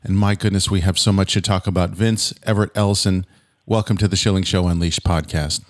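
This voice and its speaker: A man's voice: low voice, steady tone, a little fast, no room sound, clean studio sound. A man hosting a podcast interview, introducing his guest in an upbeat, emphatic way. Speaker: podcast host.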